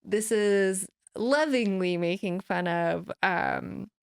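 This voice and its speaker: A woman's voice: mid-range voice, slow pace, gravelly, clear, resonant tone, no echo, studio quality. Laughing, rambling woman guest. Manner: rambling, self-deprecating, laughs often. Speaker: guest musician. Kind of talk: casual interview chat.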